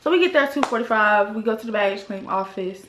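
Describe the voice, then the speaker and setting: A young woman vlogger telling a storytime in an animated, exasperated way, full of casual slang. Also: medium pitch, fast talker. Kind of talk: storytime vlog. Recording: roomy echo.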